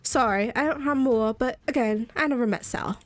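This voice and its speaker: A woman's voice: a little high, moderate pace, natural voice. A woman voicing a hostile, distrustful middle-aged working man with a half-hearted put-on accent. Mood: grudging.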